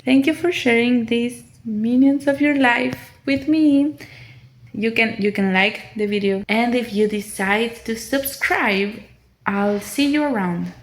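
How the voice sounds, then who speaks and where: A woman's voice: a little high, measured pace. A young woman from Mexico with a Mexican Spanish accent, speaking English as a second language, chatting casually to camera in a rambling, self-conscious way; her voice sounds near tears. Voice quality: voice sounds close to crying. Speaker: vlogger.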